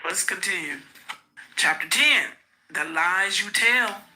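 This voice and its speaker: A woman's voice: mid-range voice, lively intonation, slow, bright, forceful tone, poor audio. A woman podcast host reading a memoir aloud and stopping now and then to comment on it. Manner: breaks off to comment on the text. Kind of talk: reading a book aloud with asides.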